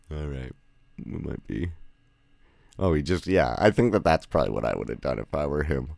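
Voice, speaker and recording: Speaking in an expressive, gravelly bass that is a little mellow, this podcast host takes a measured pace with long pauses. Recorded dry, he chats casually with remote guests by audio call, rambling, correcting himself, and laughing frequently.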